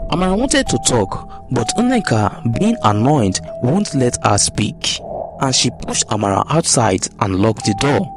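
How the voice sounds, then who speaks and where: A man's voice: mid-range voice, sing-song, measured pace. A man narrating a folktale as storyteller. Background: background music.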